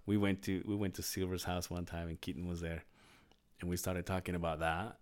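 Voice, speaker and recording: A man's voice: deep voice, fairly quick, smooth. A man co-hosting a podcast in casual chat, telling stories with acted-out voices and frequent laughter. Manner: animated storyteller, acts out voices, laughs a lot. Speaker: podcast co-host.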